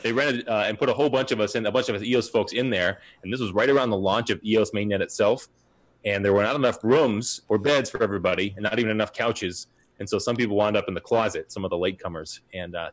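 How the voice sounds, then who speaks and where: A man's voice: on the low side, steady tone, fast talker. A man co-hosting a podcast, telling stories in a rambling, chatty way. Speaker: podcast co-host. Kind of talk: casual podcast chat.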